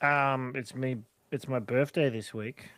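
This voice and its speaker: A man's voice: medium pitch, steady tone, unhurried, fairly bright tone, dry recording. A man, co-hosting a casual podcast chat, chatty and rambling with frequent laughs and restarts. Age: 30s. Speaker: podcast co-host.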